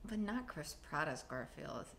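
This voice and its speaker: A woman co-hosting a podcast, sharing news in quick, opinionated casual banter. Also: deep voice, very animated, vocal fry. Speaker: podcast co-host. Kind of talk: casual chat.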